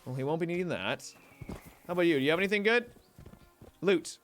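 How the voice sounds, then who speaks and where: A man's voice: fairly high pitch, lively intonation, brisk, soft background music. A male streamer giving chatty, rambling live gameplay commentary and talking to his chat.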